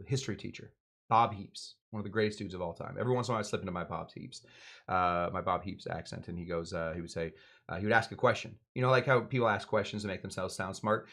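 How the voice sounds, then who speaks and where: A man's voice: lowish voice, brisk, a bit bright. A man hosting a live cocktail show, talking casually and digressively, with many fillers, asides and jokes. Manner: jokey, answers his own questions. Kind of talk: casual live drink-making demonstration.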